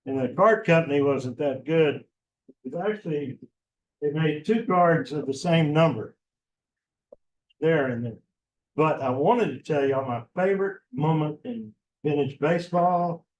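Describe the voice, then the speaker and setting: A man's voice: a little high, a little slow, a little mellow, muffled recording. A man telling a folksy, easygoing story to a small group at a club meeting. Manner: folksy storytelling, says y'all. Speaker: chapter member. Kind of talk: casual anecdote to a small group. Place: restaurant meeting room.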